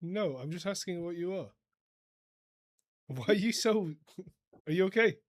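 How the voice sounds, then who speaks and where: Man, livestream host, somewhat high voice, teasing, laughs a lot, talks over callers, non-American accent. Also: lively intonation, unhurried. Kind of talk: casual debate livestream.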